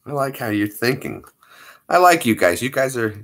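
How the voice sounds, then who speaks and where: A man hosting a casual live stream, chatting playfully with his viewers in an animated way. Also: on the low side, normal speed.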